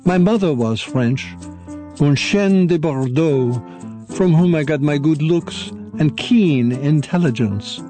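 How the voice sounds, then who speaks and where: A man's voice: a little high, slow, mellow, faint music behind, pitched above the performer's own voice. Drago, a sneering big mastiff, voiced by a man.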